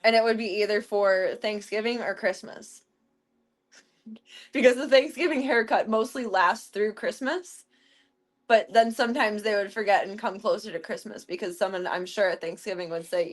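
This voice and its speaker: A woman's voice: mid-range voice, moderate pace, rough recording. A young woman streaming casual chat, talking freely with casual swearing. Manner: chatty, swears casually, coos in baby talk to her cats.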